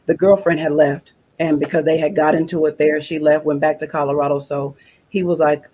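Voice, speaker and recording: A woman appears as a guest on a faith broadcast, sharing an emotional personal story in plain, conversational speech with religious phrasing. She retells past conversations as quoted dialogue and repeats phrases. Her voice is low, level and husky, a little fast, and the recording sounds muffled.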